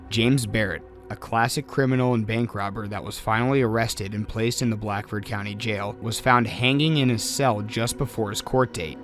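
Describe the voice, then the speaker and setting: Young man narrating over music. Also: fairly low pitch. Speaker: paranormal investigator and narrator. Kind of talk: documentary narration and on-site ghost hunt.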